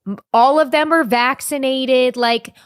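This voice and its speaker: A woman's voice: sits high, steady tone, unhurried, no room sound, studio quality. A woman guest on a podcast, speaking earnestly and emphatically in casual chat.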